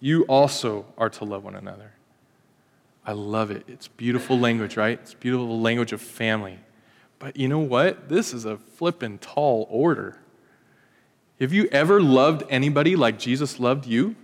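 A man's voice: medium pitch, normal speed, big-room sound. A male pastor preaching in a conversational, joking way, acting out little everyday scenes. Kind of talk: sermon. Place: church.

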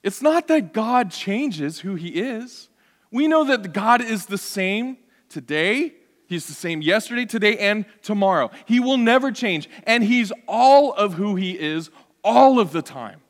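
A man's voice: high-pitched, expressive, measured pace, long reverb tail. A male pastor preaching a sermon, earnest and exhorting, often posing rhetorical questions.

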